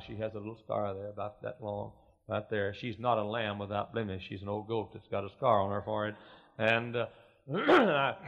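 A middle-aged man, a pastor preaching a sermon in a folksy storytelling way that swells into loud preaching. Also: fairly low pitch. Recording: muffled lo-fi recording.

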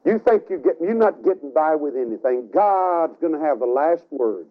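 Male preacher, revival sermon, dramatic storytelling, lively swooping pitch, thin tinny radio broadcast sound. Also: normal speed. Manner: dramatic storytelling with sudden loud and soft swings.

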